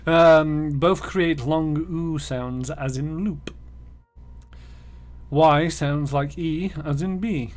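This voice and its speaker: A man's voice: a little high, drawn-out words. A man streaming a role-playing game, reading its text aloud, stumbling over words and mocking himself.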